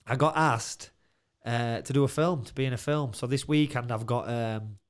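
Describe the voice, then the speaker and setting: Clear and resonant at a medium pitch, he speaks at a moderate pace while co-hosting a podcast in a studio. His casual storytelling is loose and animated, with lots of laughs and swearing.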